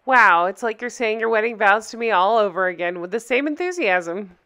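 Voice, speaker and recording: Woman reaction host, sarcastic, laughs a lot, bright and crisp tone, on a desk mic. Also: medium pitch, lively intonation, normal speed. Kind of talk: casual reaction commentary. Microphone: desk microphone.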